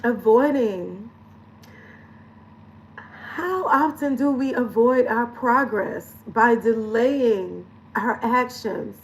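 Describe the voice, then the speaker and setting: A woman's voice: on the high side, recorded from a distance, a little hiss or hum, rough recording. A woman lifestyle coach talking candidly in a confessional vlog, emotional and earnest, laughing between phrases and repeating lines for emphasis.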